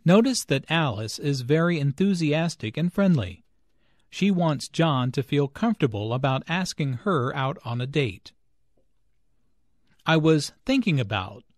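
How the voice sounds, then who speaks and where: A man explaining spoken English phrases in clear, patient scripted narration. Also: on the high side, expressive, normal speed, dry recording, clean studio sound. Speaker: English teacher.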